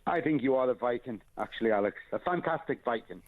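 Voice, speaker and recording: A man's voice: medium pitch, lively intonation, quick pace, no room sound. A man calling into a radio phone-in, talking in a rambling, earnest, casual way. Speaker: radio caller. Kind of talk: phone-in call. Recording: tinny phone line.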